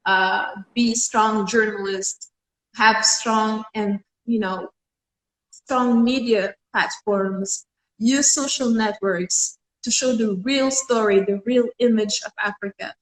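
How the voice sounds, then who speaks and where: A woman's voice: mid-range voice, fairly even intonation, slow pace, reverberant, poor audio. A young woman from Senegal speaking with conviction as an interview guest, with some fillers. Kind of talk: casual interview talk.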